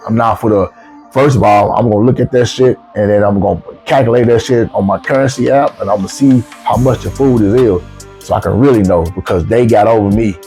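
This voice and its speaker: A man with features, casually telling a travel story as a vlogger, swearing freely and jumping up in pitch when he quotes himself. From United States. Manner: animated, profane, rises sharply when quoting himself.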